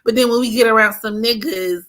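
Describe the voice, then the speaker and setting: A young woman hosting an astrology channel, telling stories in blunt, profane, animated casual chat. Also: a little high, brisk.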